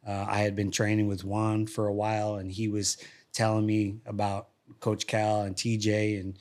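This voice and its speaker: Relaxed low-voiced man. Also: normal speed. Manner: relaxed, frequent restarts and repeated words. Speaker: guest, former fighter and coach. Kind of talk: casual interview storytelling. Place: podcast studio.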